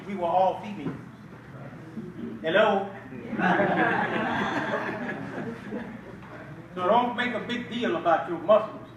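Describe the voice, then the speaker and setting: At an awards banquet, an older male guest speaker gives an emphatic Islamic talk, his voice sitting high. He keeps firing rhetorical questions for listeners to answer, and the distant-mic recording of the echoey hall carries background noise.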